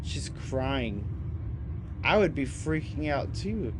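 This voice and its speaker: A man hosting a compilation, giving excited casual commentary over video clips and calling the viewers "y'all". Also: medium pitch, slow pace, noisy background. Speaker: compilation host.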